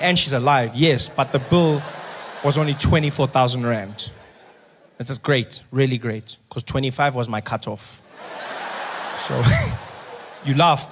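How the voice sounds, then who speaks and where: A stand-up comedian telling a story in a punchy, deadpan way. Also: male voice, on the high side, noisy background. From South Africa.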